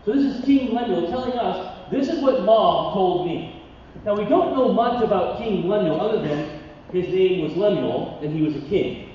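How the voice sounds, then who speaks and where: A man preaching a sermon, reading scripture with dramatic pauses and chatting with the congregation between passages. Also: sits high, a little hiss or hum. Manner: expressive Bible reading, dramatic pauses, conversational asides. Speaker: pastor. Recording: distant mic in a reverberant hall, dull sound.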